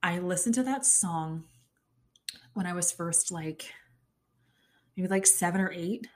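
Chatty young woman, slightly low voice. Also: slow, a little mellow. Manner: chatty, lots of fillers, emotional storytelling. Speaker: podcast host. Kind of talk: casual chat.

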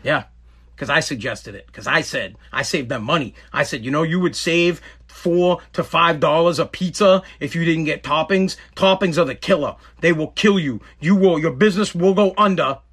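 A man with a high, bright, ringing voice holds forth in a loose, ranting monologue. He tells a story by acting out what people said and drops casual swears along the way. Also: moderate pace, slightly rough. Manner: animated, storytelling with acted quotes, swears casually.

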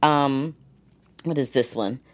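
A woman's voice: very deep voice, slow. A woman actress hosting casual entertainment news, chatty with many fillers and restarts as she reads long lists of nominees.

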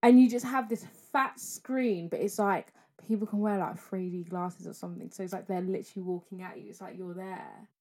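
A woman's voice: medium pitch, fairly even intonation, brisk, few pauses, warm tone. Young woman, podcast co-host, upbeat and chatty, mid-range voice. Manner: chatty, enthusiastic, slangy. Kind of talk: casual chat.

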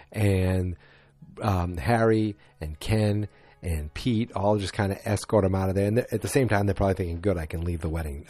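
A man's voice: fairly low pitch, mellow, no echo. A man recapping a TV episode in casual chat, rambling with lots of fillers and voicing the characters, close on a dry mic. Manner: rambling, with many fillers and quoted voices. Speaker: show recapper.

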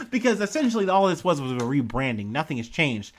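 A man's voice: a little high, lively intonation, fast. A man hosting a podcast from a small apartment, talking in a casual, rambling and profane way as he gives blunt opinions. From United States. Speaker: podcast host.

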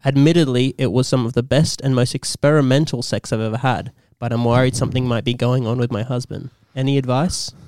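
A man on a podcast reading a listener's letter aloud in a soft, subdued way, then answering casually. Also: medium pitch, steady tone, fairly quick, few pauses, no room sound, studio quality.

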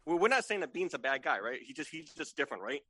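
Fast, stammering man with bright voice. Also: fairly high pitch, big pitch swings, husky, no room sound, low-quality recording. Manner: stammering, repeats words, seeks agreement with "right?". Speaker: podcast guest. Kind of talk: casual remote chat.

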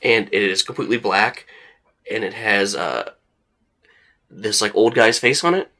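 A young man with a fairly low voice narrating a tabletop role-playing session as game master. He describes scenes in a relaxed, conversational way, padding his sentences with "like" and "uh". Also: measured pace. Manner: casual, lots of "like" and "uh" fillers.

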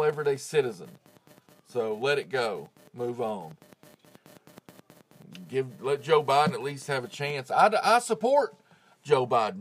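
A man hosting his own podcast, recorded in a home closet on a phone with a clip-on mic, talking in a casual, profane rant that swings into loud, heated outbursts. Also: fairly high pitch. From United States. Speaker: podcast host. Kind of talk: casual ranting monologue.

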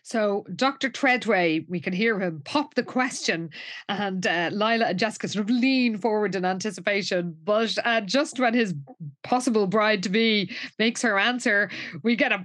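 A woman's voice: mid-range voice, measured pace, fairly bright tone. A woman co-hosting a podcast, recapping a TV episode in a wry, chatty way, often restarting sentences and laughing at her own jokes. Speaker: podcast co-host. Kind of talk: casual chat recapping a TV episode.

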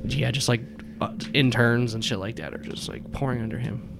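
A man's voice: medium pitch, brisk, gravelly. A man narrating a tabletop game as game master, rambling with many fillers and restarts.

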